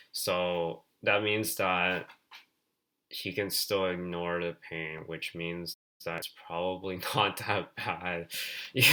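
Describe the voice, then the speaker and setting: Low-voiced bright man rambling on stream. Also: little pitch movement, unhurried, vocal fry. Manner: rambling, full of "like" fillers. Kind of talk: reading game text aloud and commenting.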